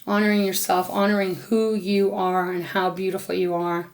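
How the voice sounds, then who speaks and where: This tarot reader has a mid-range voice, a flat delivery and a moderate pace. Her intuitive reading is unscripted, and she addresses the viewer directly in an earnest, emotional way. She pauses between cards to speak aloud to Spirit.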